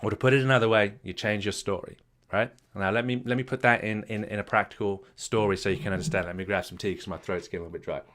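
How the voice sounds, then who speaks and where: A man's voice: lowish voice, fairly even intonation, quick pace, fairly bright tone. A man giving a motivational talk as a marriage coach, emphatic and repetitive, firing questions at the listener.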